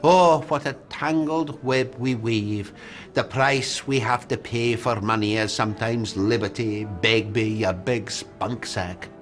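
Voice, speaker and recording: A man's voice: lowish voice, slow, faint music behind. A man with a Scottish accent performing a sketch, boastful and sing-song, dragging out his words. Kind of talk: sketch comedy acting.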